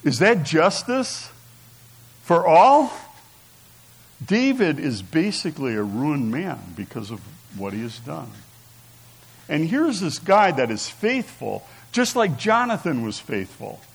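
This preacher's voice sits on the high side, gravelly and husky, very animated yet slow-paced, captured in poor audio quality. His sermon is conversational, mixing scripture readings with rhetorical questions for the audience.

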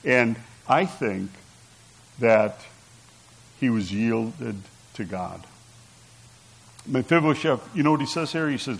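A man's voice: mid-range voice, lively intonation, a little slow, gravelly, pauses often, rough recording. A man preaching a conversational sermon, reading scripture aloud and asking his listeners rhetorical questions. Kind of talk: sermon teaching.

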